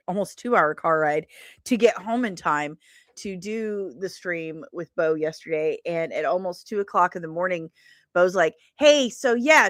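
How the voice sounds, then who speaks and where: A woman with a lowish, fairly bright voice hosts a casual, chatty livestream, rambling and laughing often, tired after a long day of travel. The audio is studio quality with no echo.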